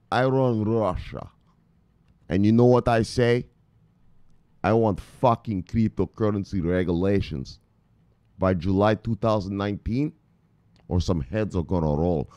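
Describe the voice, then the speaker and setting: A man's voice: on the low side, dark tone, no room sound, lightly acted. A man doing a menacing Russian strongman impression. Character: menacing male Russian president impression, boastful, threatening.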